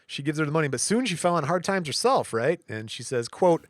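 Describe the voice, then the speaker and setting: A man's voice: a little high, fairly quick, few pauses, dry recording. A man from Michigan, a podcast co-host, telling a long story in casual chat and acting out the other people's voices. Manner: animated storyteller, acts out quoted voices.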